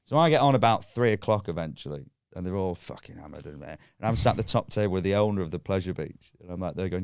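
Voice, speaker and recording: Animated sweary man. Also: low voice, quick pace, vocal fry, hardly any pauses, clear, resonant tone, no echo, studio quality. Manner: animated, sweary, acts out voices in his anecdotes. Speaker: stand-up comedian guest. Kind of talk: casual podcast storytelling.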